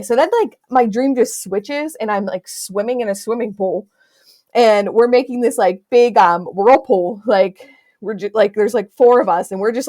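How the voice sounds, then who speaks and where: A woman's voice: mid-range voice, darkish tone. A young woman hosting a podcast in casual chat, talking in a chatty, filler-heavy way. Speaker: podcast host.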